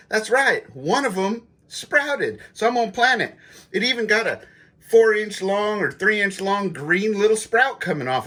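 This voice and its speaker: A middle-aged man with a high-pitched voice chats folksily through a casual food review vlog, addressing his viewers directly as he tastes. His tone is bright and a little sharp. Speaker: prepper channel host.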